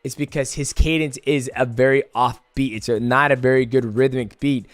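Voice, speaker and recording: A man's voice: medium pitch, fairly even intonation, moderate pace, no echo. A man in his thirties giving a casual, profane fight breakdown and acting out the moves as he explains. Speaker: fight analyst.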